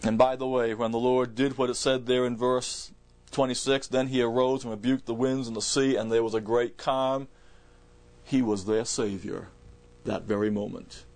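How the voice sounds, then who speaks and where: A man delivers a verse-by-verse Bible sermon from the pulpit. His voice sits at an ordinary middle pitch, and he presses his points with repeated words and frequent restarts. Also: fairly even intonation, normal speed, darkish tone. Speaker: preacher.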